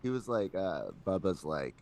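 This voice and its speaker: A low-pitched man trading wisecracks as a podcast co-host. He talks casually, often slipping into mock quotes of other people. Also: lively intonation, moderate pace, darkish tone. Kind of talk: casual comedic chat.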